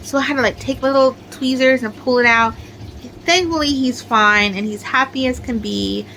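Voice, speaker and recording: Brief: middle-aged woman, fairly high voice, rambling show-and-tell crafter, filler-heavy. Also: normal speed, sharp tone, slight background noise, low-quality recording. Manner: chatty, rambling, many "like" fillers. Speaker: crochet crafter showing her amigurumi. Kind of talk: casual show-and-tell chat.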